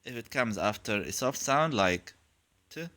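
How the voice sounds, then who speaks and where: A man gives a pronunciation lesson in a slow, deliberate delivery. His voice is bright and forceful, sitting at an ordinary middle pitch. He drills contrasting sounds again and again in paired repetitions. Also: lively intonation. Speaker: Arabic pronunciation teacher. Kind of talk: slow, clear instructional lesson.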